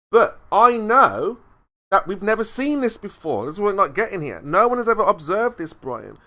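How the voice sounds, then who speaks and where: A man's voice: high-pitched, very animated, moderate pace, pushed and bright. A man in a heated online panel debate, talking in a theatrical, rambling way and talking over the others.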